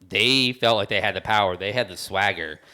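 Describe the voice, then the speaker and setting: A podcast co-host with a fairly low-pitched voice and a sharp tone speaks briskly. He chats casually and rambles, restarting many times.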